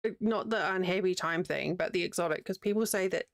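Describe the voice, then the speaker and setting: A woman's voice: on the low side, a little fast, dry recording, clean studio sound. A young woman with a New Zealand accent, chatting casually with her livestream audience while she crochets, rambling and answering chat as she goes. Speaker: streamer.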